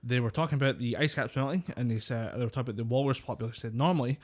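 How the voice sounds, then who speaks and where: A podcast co-host with a medium-pitched voice talks very fast in casual chat. He tells long, rambling stories, swears freely and laughs often.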